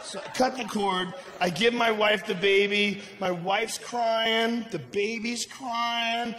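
A middle-aged man doing a stand-up comedy set, telling a story loudly and profanely with shouted bursts. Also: high voice, fairly even intonation, takes it slowly. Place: comedy venue on stage. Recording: echoey live venue with ambience.

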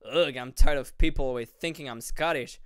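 A man voicing a grumpy male Frenchman with a put-on French accent, slow and exasperated. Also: mid-range voice, a bit bright, clear, resonant tone, dry recording, clean studio sound, lightly acted.

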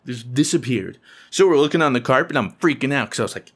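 A young man excitedly tells a funny story to the camera, squealing in high voices whenever he quotes people. He talks fast in a husky voice.

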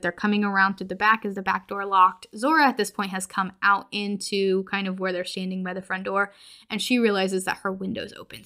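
A young adult woman hosting a podcast, casually retelling a horror movie scene by scene, laughing often and acting out the characters' lines. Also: medium pitch. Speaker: podcast host.

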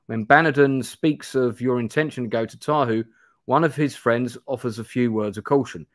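A man's voice: mid-range voice, moderate pace, dry recording, studio quality. A man hosting a live stream, reading a gamebook aloud and chatting in a rambling, self-deprecating way. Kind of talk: live-stream play-through narration and chat.

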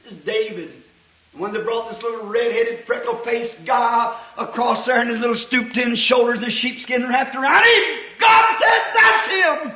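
A man preaching a sermon at a church service, swinging from hushed, folksy talk to sudden impassioned shouts. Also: extremely high pitch, fairly even intonation, moderate pace. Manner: folksy, homespun phrasing. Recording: echoey old church sermon recording.

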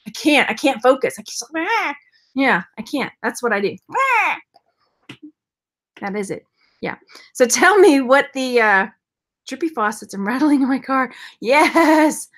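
A Texan woman with a high-pitched, expressive voice unboxes purses on her vlog's live stream, speaking at a normal speed. She's playful and rambling, tossing in silly sound effects as she chats casually.

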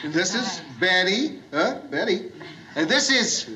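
A gruff, middle-aged boss who is straining to act like a jolly bar host, his voice pitched high for a man. It is a 1970s studio sitcom performance, heard on a hissy old TV soundtrack. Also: lively intonation, measured pace. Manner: forced, overeager cheerfulness.

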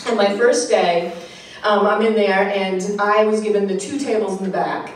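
A woman from Rhode Island with a Rhode Island accent, telling a personal story on stage in an animated, laughing, self-mocking way. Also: medium pitch, moderate pace, a little hiss or hum. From Rhode Island, USA. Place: live storytelling show. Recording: echoey live venue from far off.

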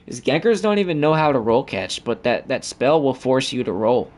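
A man's voice: mid-range voice, big pitch swings, moderate pace, a little mellow. A man giving profane, trash-talking commentary over his own gameplay as the channel host.

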